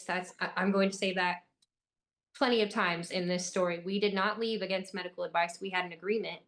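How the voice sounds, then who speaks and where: Young woman telling an intense story. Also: mid-range voice. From Illinois. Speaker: guest. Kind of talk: personal account in an interview.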